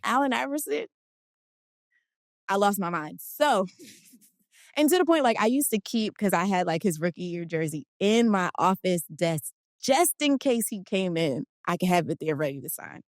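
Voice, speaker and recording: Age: adult. Sex: woman. Origin: Philadelphia. Pitch: low. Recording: dry. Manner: animated storyteller. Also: moderate pace, no room sound. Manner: animated, acts out quotes. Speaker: guest, basketball players' union director. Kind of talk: casual storytelling interview.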